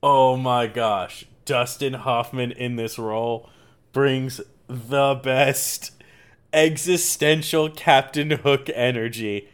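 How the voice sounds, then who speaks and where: A man of middle pitch co-hosts a casual podcast. He recaps movie scenes with animated, laughing energy and loose, conversational phrasing. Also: slow pace, clear, resonant tone. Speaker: podcast co-host.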